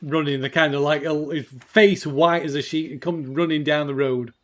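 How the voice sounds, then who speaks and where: A man narrating as game master of a tabletop game, his voice sitting a little high. He talks in halting bursts, restarting phrases and filling gaps with fillers. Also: fairly even intonation, fairly bright tone.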